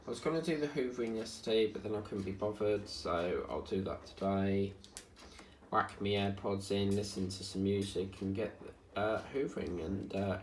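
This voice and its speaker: A man's voice: fairly low pitch, creaky. A man vlogging as he does his diamond painting, chatting in a rambling, chatty way. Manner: rambling, chatty, hums and sings snippets. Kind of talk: casual chat while crafting. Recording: echoey room with faint noise.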